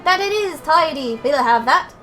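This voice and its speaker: A woman voicing a cheeky little male fairy companion in a put-on Scottish accent, rough-spoken and chatty, calling people "boy". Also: high voice, expressive, moderate pace, bright, forceful tone, faint music behind, voice pushed up. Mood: pleased.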